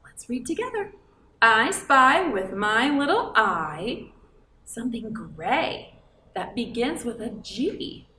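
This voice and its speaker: A woman's voice: fairly high pitch, sing-song, slow, pushed and bright, slight background noise. A woman librarian reading a picture book aloud to children in a coaxing, sing-song way and asking them questions. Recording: roomy, from a distance.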